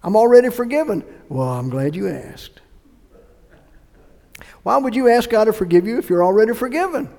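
A male pastor with a high, gravelly voice delivers an emphatic sermon. He swings between forceful bursts and hushed asides. A long hall reverb trails each phrase. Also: sing-song, normal speed, pauses often. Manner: emphatic preaching with sudden shifts between loud and hushed delivery.

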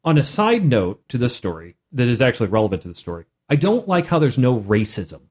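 A man, a game master and podcast host, excitedly recounting his tabletop game, laughing often and acting out the characters. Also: mid-range voice, a little fast. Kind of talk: animated storytelling chat.

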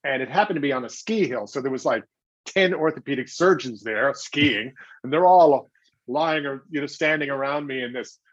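A man's voice: mid-range voice, dry recording, dull audio. A middle-aged man telling stories in an interview. He acts out quotes and restarts his sentences often. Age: 40s or older. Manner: animated storyteller acting out quotes, quick restarts. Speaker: guest, television host. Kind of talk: anecdotal interview talk.

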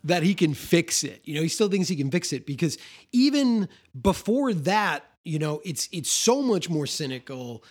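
A man's voice: a little high, sing-song, moderate pace, slightly rough. A man co-hosting a podcast, talking casually and animatedly about films, often restarting and repeating words. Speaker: podcast co-host. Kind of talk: casual film discussion.

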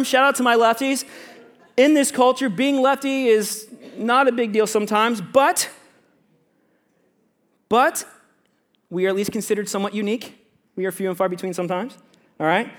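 A male pastor of students and young adults preaching a sermon to a congregation, chatty and joking, with quick asides between loud emphasis and quiet remarks. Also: sits high. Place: church sanctuary with a congregation.

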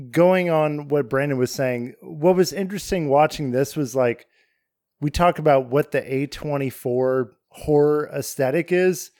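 A man's voice: fairly high pitch, darkish tone, no echo, studio quality. A man co-hosting a film podcast in casual chat, enthusiastic and swearing freely. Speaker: podcast co-host.

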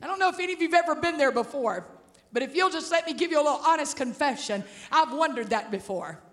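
A woman preaching a sermon, animated, acting out the voices of the story and calling out to the congregation. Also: high-pitched, fast talker. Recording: reverberant hall.

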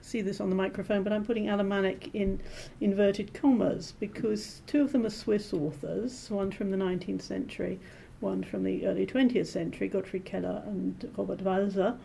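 A woman translator being interviewed, explaining her work in a measured, thoughtful way with frequent pauses and ums. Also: medium pitch, fairly even intonation, gravelly, mellow, a little hiss or hum. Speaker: literary translator, interview guest. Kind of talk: thoughtful academic conversation.

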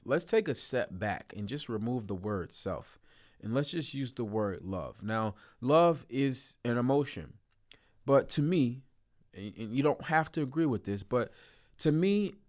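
A man's voice: medium pitch, darkish tone. A man delivers a motivational self-help talk straight to his audience. He is earnest and coaching, and he often repeats a phrase or stretches a word to drive a point home.

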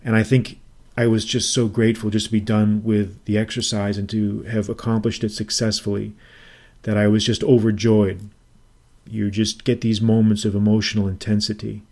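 A middle-aged man telling a personal story as a podcast host, deliberate and often repeating and restating his phrases. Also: fairly low pitch, little pitch movement, darkish tone. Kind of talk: reflective personal storytelling monologue.

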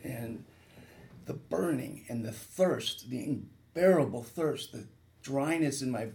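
A man with a gravelly, fry-touched voice recounts his own ordeal as a guest on a radio talk show. He speaks earnestly, building vivid pictures and lifting his pitch at the worst moments. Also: animated, unhurried, a little mellow, slight background noise. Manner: earnest, vivid retelling with rising intensity at peak moments. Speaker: guest, reconstructive surgeon. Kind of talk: personal story told on radio talk show.

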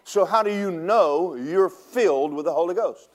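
A man preaching a sermon as pastor, animated and humorous, swinging between loud preaching and hushed asides. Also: sits high, moderate pace. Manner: humorous storytelling, laughs at own jokes.

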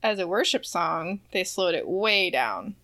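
A woman's voice: lowish voice, big pitch swings, measured pace, pushed and bright. A woman co-hosting a podcast in casual chat, laughing often and teasing. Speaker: podcast co-host.

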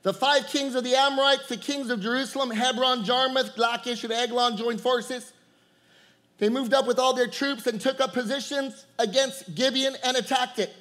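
A man's voice: very high-pitched, bright, forceful tone. A man preaching a sermon, repeating words and calling out to the congregation, laughing often. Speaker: pastor.

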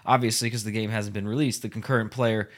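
A man's voice: on the low side, steady tone, fast. A man hosting a podcast, chatting loosely and reading a gaming article aloud with stumbles and laughs. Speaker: podcast host.

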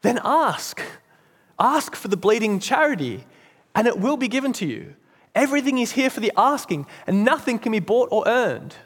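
A man voicing a calm, forgiven man in heaven who speaks gently and patiently. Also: sits high, a little fast, husky, in a large hall, full character voice. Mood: gentle.

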